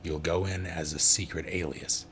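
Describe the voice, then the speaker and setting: A man's voice: deep voice, steady tone, moderate pace, noisy background, close to an everyday voice. A man voicing a young female thief who pleads urgently in clipped, broken phrases.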